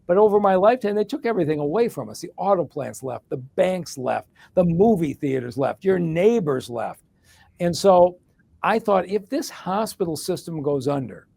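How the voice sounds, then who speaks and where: Speaking on the high side at a normal speed, this former hospital executive and mayor from Detroit gives a lively, slightly mellow answer with vocal fry. The middle-aged guest responds to the interview question with a long, plain-spoken story.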